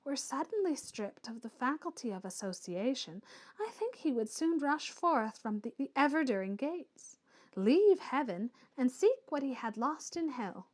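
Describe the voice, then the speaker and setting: Lady reading a proud young swiss woman, soft earnest voice, a bit high. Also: sing-song, a little slow, full character voice.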